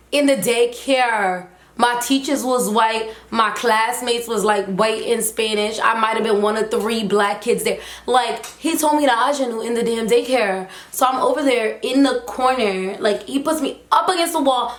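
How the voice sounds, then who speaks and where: A young woman vlogger telling a story in a casual, animated, slangy and emphatic way. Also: a little high, normal speed. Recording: roomy echo.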